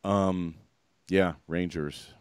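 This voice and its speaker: A male host chatting casually, a bit hoarse from a cold, often halting and trailing off. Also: low-pitched, fairly even intonation, dry recording. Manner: trailing off, halting, self-interrupting. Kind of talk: casual chat.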